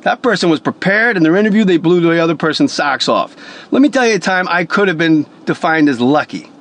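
A man's voice: a little high, expressive, a little fast, fairly bright tone. A man telling a story in an emphatic, profane, casual way, a voice actor by trade.

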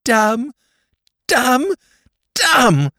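A man's voice: sits high, big pitch swings, normal speed, dry recording, clean studio sound, voice pushed up. A man doing a whiny, hapless young lord. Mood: plaintive. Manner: whiny, plaintive, drawling.

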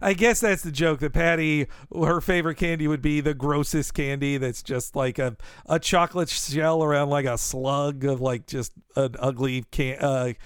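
A man's voice: a little high, steady tone, moderate pace, hardly any pauses, clean tone, no room sound, clean studio sound. A man co-hosting a podcast, chatting casually and joking with friends. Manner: chatty, joking, restarts a lot. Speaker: podcast co-host. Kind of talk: casual chat.

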